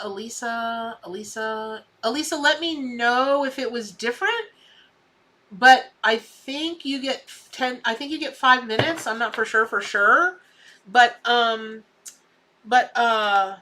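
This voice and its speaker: A woman's voice: on the high side, slow pace, bright, forceful tone. A middle-aged woman with a Southern US accent, giving effusive, folksy tarot readings on a live stream and calling viewers honey and baby. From American South. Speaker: tarot reader hosting a live charity stream.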